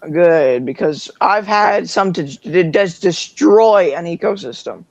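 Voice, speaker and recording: A mid-pitched speaker joins a livestream chat and offers informative fish-keeping advice. The delivery stays casual. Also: expressive, a little slow, vocal fry, no echo, dull audio.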